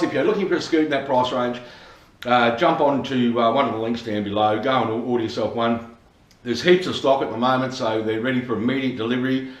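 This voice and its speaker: A man's voice: mid-range voice, echoey room. An Australian man giving a chatty, jokey product review at home, swearing casually and repeating a running gag. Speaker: scooter reviewer. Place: home dining room.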